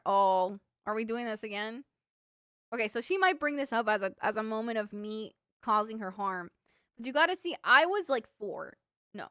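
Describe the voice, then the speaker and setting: Speaking in a fairly high, sharp yet smooth voice, this young streamer of Cuban heritage chats casually with viewers about her childhood, filling her rambling stories with fillers and chuckling at them herself. There's no room sound, and the audio is studio quality.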